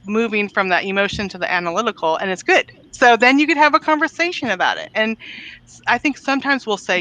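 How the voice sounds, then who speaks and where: A woman's voice: mid-range voice, lively intonation, fast, pushed and bright, low-quality recording. A middle-aged woman, a guest author, explaining parenting tips in an earnest conversational way and laughing easily. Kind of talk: conversational interview.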